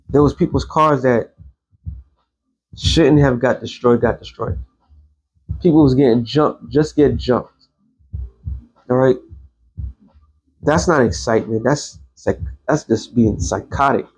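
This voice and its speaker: A man's voice: medium pitch, a little mellow, breathy edge. A man giving a casual, rambling religious commentary as an online host, blunt and quoting scripture.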